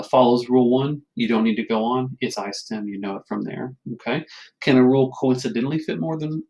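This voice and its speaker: A man's voice: medium pitch, rough recording. A man teaching a recorded lesson, explaining grammar rules patiently and checking in with frequent questions. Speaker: Latin teacher. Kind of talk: recorded classroom lecture.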